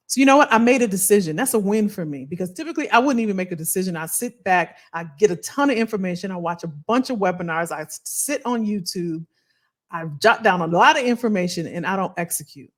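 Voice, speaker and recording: A woman hosting a motivational live stream, reading viewer comments and cheering people on, repeating her phrases. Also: on the low side. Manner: animated, preachy and encouraging, repeats phrases.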